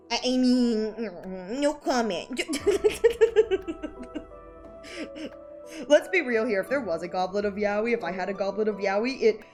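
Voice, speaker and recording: A woman's voice: medium pitch, darkish tone. A woman streamer chatting casually with her viewers, rambling with lots of fillers and frequent giggles. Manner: rambling, heavy "like" and "you know" fillers, giggly. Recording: faint music in the background.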